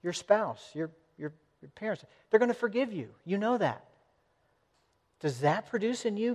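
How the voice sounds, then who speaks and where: Man, pastor, earnest conversational sermon, slightly high voice, long church-hall reverb. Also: sing-song, normal speed, a little mellow.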